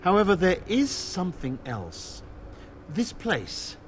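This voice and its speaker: A grave, blind old knight. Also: male voice, high-pitched, wildly swooping pitch, slow pace, slight background noise, full character voice. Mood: solemn. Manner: formal, grave, archaic phrasing. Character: blind, battle-scarred older male knight, solemn and devout. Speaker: game character.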